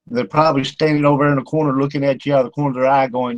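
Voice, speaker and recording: A man's voice: medium pitch, little pitch movement, very fast, hardly any pauses, no room sound, lo-fi sound. An older man hosting a talk-radio interview in a folksy, rambling way, with lots of fillers and laughter. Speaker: radio show host.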